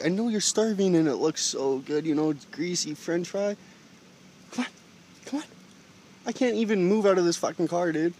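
A man's voice: fairly high pitch, measured pace, a little mellow, a little hiss or hum. A man sitting in a parked car outdoors, coaxing birds with sweary, sing-song chatter. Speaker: man feeding ravens from a car.

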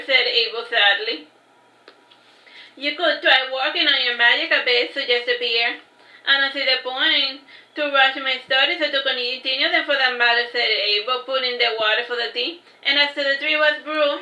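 Casting note: high, very bright woman reading her own story aloud, casual and unpolished. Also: steady tone, normal speed, roomy sound, rough recording. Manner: unpolished reading with restarts and asides. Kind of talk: reading aloud a fantasy novel.

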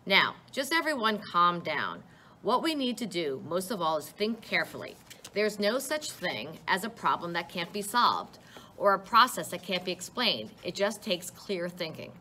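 A woman doing a calm, lecturing father. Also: lowish voice, slight background noise. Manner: measured, lecturing. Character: logical, calm, professorial father.

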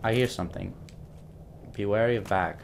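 A man's voice: fairly low pitch, moderate pace, gravelly, a little hiss or hum. A young man giving casual commentary while playing a game, rambling, joking and swearing at enemies. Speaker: gameplay commentator. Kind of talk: casual let's-play commentary.

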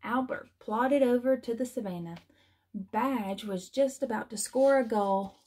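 A woman teacher reading a children's storybook aloud in a gentle, expressive manner. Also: a little high, a little slow.

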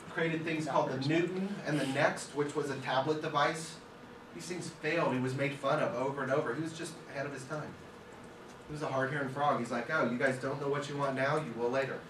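A man's voice: on the high side, a little fast, noisy background. A man giving a conversational, story-filled talk as guest speaker to a film school class, picked up by a distant mic. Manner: conversational, anecdotal. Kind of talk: classroom lecture with stories. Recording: echoey room, distant mic.

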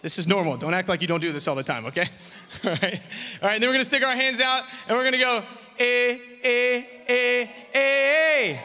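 A man leading a lively children's revival service, joking and teasing the kids while he gives them actions and call-and-response lines. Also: high voice, quick pace. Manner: playful, teasing, loud leader of a crowd of kids. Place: large church sanctuary. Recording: reverberant church hall, faint room noise.

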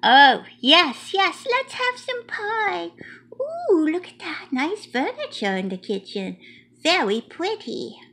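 A woman's voice: very high voice, sing-song, slow pace, a bit bright, exaggerated voice. A woman voicing a cute, chatty little male mouse who reads a picture book aloud in a childlike, playful way with broken grammar. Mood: cheerful. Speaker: storybook reader.

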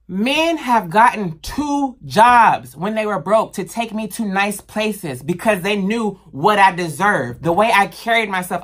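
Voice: medium pitch, a bit bright. A vlogger ranting to camera in a heated, emphatic and profane way, blunt and full of slang. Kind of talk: impassioned rant to camera.

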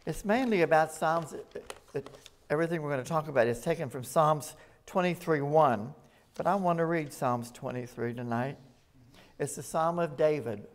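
A man's voice: on the high side, normal speed. A man preaching an evening sermon at a rescue mission, talking plainly to the congregation and reading scripture aloud with rising emphasis.

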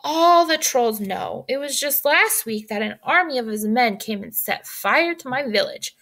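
A gentle young troll boy with a soft, earnest and sorrowful way of talking, as a woman reads him aloud. His voice carries a light gravelly edge. He belongs to a read-aloud storybook. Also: high-pitched, animated, measured pace, voice pushed up, full character voice. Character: gentle young male troll, polite and sad.

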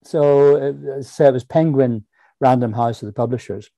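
A man with a Northern Irish accent, a guest author on a podcast, telling stories quickly and animatedly and slipping into voices when he quotes people. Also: mid-range voice, vocal fry, no room sound. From Northern Ireland. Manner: quick, animated storytelling, slips into voices when quoting others. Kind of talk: casual interview chat.

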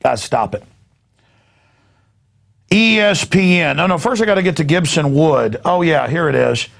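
Gravelly, sarcastic talk-show host man. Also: a little high, lively intonation, fairly quick. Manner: sarcastic, rambling, laughing asides. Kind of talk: news commentary rant.

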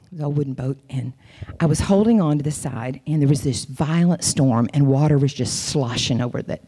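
A woman preaching a sermon in a church. She tells her story dramatically, dropping to whispers and jumping to high cries. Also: a little fast, warm tone, slightly rough. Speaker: guest preacher.

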